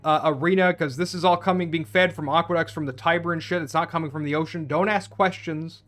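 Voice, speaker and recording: A film reviewer with a high-ish, slightly bright voice talks fast in a steady tone, recapping a film plot in a casual, profane, rambling rant full of restarts and tangents. Faint music plays behind him.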